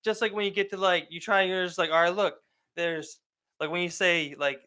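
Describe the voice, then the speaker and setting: Bright, clear-voiced rambling male podcaster. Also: high voice, fast. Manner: rambling, full of "like" and restarts. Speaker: podcast co-host. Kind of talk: casual chat.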